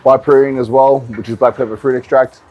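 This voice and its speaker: Male bodybuilding coach, casual vlog delivery, relaxed and explanatory, average pitch. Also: brisk, muffled recording, faint music behind. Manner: relaxed, explanatory, with frequent ums and repeats. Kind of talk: casual vlog talk to camera.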